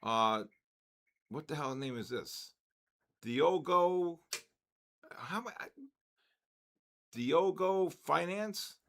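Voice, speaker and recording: Older male stream host, gravelly and slow-paced, excitable, voice worn out. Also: medium pitch. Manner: excitable, calls out chat names. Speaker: trading livestream host. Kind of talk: live trading stream chat.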